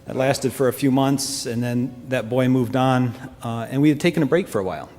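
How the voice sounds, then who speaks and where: A man's voice: mid-range voice, a little mellow. Earnest man in a reverberant church hall. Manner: earnest, heartfelt, halting. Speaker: church member giving a testimony. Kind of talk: personal testimony to a congregation.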